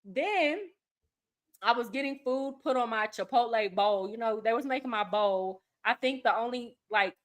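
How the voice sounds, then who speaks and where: A woman's voice: on the high side, normal speed. A woman from Texas, hosting and commenting casually and bluntly on a clip, with asides to viewers. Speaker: host.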